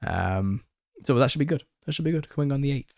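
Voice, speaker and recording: A man hosting a live Q&A stream, opinionated and quick to get worked up, laughing as he rants. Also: medium pitch, animated, creaky, no room sound, clean studio sound. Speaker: channel host. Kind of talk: live Q&A monologue.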